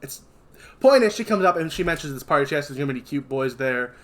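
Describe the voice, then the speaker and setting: A man's voice: fairly high pitch, expressive, fast talker, a bit bright. A man with a Kentucky accent, a podcast co-host, retelling a film in loose casual chat with fillers and self-corrections.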